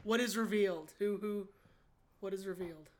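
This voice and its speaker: A woman's voice: mid-range voice, moderate pace. A woman co-hosting a podcast, talking bluntly about a movie and swearing casually. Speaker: podcast co-host. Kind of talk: casual movie recap chat.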